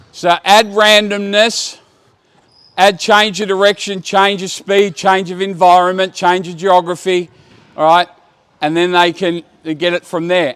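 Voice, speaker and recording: Basketball coach barking drills on court. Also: male voice, sits high, fairly bright tone, clean tone. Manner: brisk commands mixed with explanation to onlookers. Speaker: basketball coach running a clinic. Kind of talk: coaching clinic, instructing players on court.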